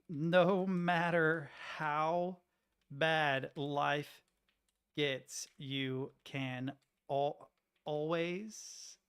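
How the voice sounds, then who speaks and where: Guy streaming, goofy and rambly, laughs a lot, voice a bit on the high side. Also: a bit bright. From United States. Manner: joking, laughs often, rambling and self-interrupting. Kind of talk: casual live-stream chat.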